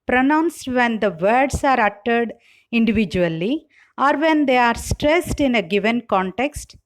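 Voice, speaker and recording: Slow, lively-pitched woman lecturing. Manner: slow, deliberate, reads example words one by one. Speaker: English lecturer. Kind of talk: slide-based lecture.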